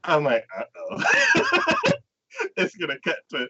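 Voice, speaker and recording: A man co-hosting a podcast, chatting casually and acting out anime scenes in lively, excited retellings full of "like.". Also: medium pitch, normal speed. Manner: animated storyteller acting out scenes, frequent "like". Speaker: podcast co-host. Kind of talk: casual anime review chat. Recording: dull lo-fi podcast audio.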